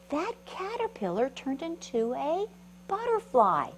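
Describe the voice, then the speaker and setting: Storytime reader: woman, very lively voice, keeps asking the kids questions, faint hum underneath. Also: lowish voice, unhurried, low-quality recording. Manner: animated, asks the listeners questions. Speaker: storyteller reading to children. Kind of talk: children's storytime read-aloud.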